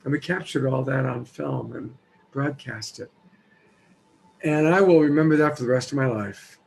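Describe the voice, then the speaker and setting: A man's voice: mid-range voice, moderate pace, vocal fry, darkish tone, slight background noise, poor audio. A male host telling a personal story in a reflective, conversational way. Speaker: show host. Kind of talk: storytelling chat.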